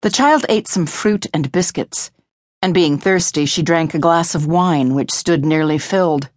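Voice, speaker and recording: Woman audiobook narrator, low voice, measured and expressive, dry close studio sound. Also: no echo.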